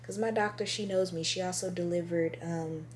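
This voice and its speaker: A woman's voice: fairly low pitch, fairly even intonation, normal speed, slight background noise. A pregnant woman in her twenties chatting casually to her viewers at home, speaking straight to camera. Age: 20s. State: heavily pregnant. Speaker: vlogger. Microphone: on-camera mic.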